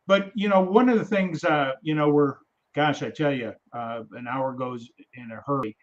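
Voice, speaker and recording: Halting male podcast host, lo-fi sound. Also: a little high. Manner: halting, conversational, with many restarts. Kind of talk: casual interview chat.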